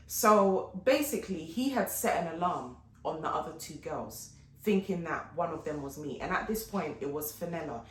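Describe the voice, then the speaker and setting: A woman's voice: low-pitched, moderate pace, few pauses. Chatty woman in an echoey room. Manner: animated, chatty retelling with frequent asides to viewers. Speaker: fashion and lifestyle vlogger. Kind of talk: casual storytelling vlog. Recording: echoey room with faint background noise.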